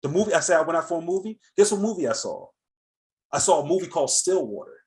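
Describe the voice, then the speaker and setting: A man's voice: fairly high pitch, quick pace. An American man hosting a casual talk show, rambling through a story with many fillers and restarts. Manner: rambling, lots of fillers and restarts, animated retelling. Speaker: host.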